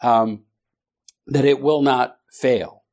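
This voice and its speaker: A man teaching a Bible study class, speaking haltingly with many restarts and questions to the students. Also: medium pitch, fairly even intonation, a little mellow.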